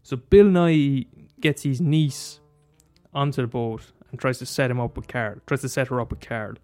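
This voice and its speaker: A man's voice: mid-range voice, moderate pace, a little mellow, faint music behind. A man talking casually about a favourite film, rambling and restarting, swearing and laughing as he goes. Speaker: film commentator. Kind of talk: casual monologue.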